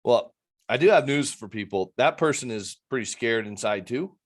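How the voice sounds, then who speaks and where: Earnest man, mid-pitched, video call. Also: lively intonation, moderate pace. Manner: rambling and earnest, acting out quoted people. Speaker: addiction interventionist guest. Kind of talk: interview over a video call.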